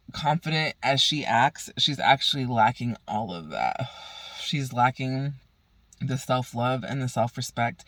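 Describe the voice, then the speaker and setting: A man's voice: medium pitch, no echo. A man from the Bay Area ranting profanely and heatedly in a casual vlog. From San Francisco Bay Area. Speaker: vlogger.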